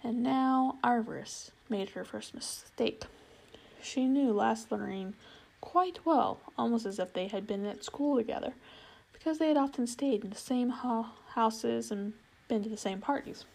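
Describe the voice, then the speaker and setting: A woman narrating a storybook chapter in a measured, expressive reading. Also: fairly high pitch, vocal fry, rough recording. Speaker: audiobook reader.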